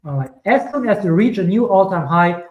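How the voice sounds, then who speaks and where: A man's voice: sits high, lively intonation, brisk, reverberant, highs cut off. A man with a German accent giving casual crypto chart commentary, rambling and correcting himself with chatty asides. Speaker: crypto streamer.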